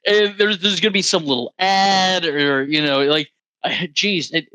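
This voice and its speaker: A man's voice: high-pitched, a little slow, pushed and bright, smooth, no room sound. A young man co-hosting a podcast, rambling and joking in casual chat on a close mic. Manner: rambling, filler-heavy, joking. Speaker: podcast co-host.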